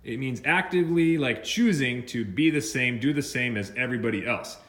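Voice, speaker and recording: This man teaches English vocabulary on a recording, moving slowly through explanations full of fillers and false starts, occasionally slipping into Spanish. His medium-pitched voice has a fairly bright tone and a reverberant sound.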